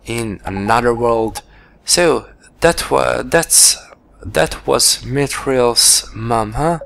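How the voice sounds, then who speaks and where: A man's voice: medium pitch, drawn-out words, gravelly, a bit bright, soft background music. A man giving casual gameplay commentary for a walkthrough, hesitant and thinking aloud.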